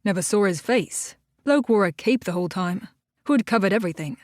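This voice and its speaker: A woman's voice: mid-range voice, expressive, brisk, dry recording, studio quality, lightly acted. A woman voicing a cold-hearted male hitman who answers curtly and without feeling, in an audiobook. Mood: blunt indifferent. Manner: curt, indifferent, short replies.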